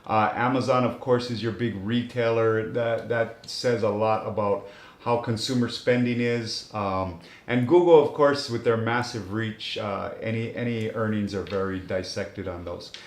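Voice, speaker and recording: Lower-voiced man explaining markets. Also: steady tone, reverberant. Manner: measured, explanatory, with many fillers. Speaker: chief investment strategist. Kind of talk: finance show talk.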